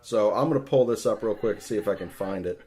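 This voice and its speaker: Male podcast host, low voice, profane and exasperated rant. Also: fairly quick, a little mellow.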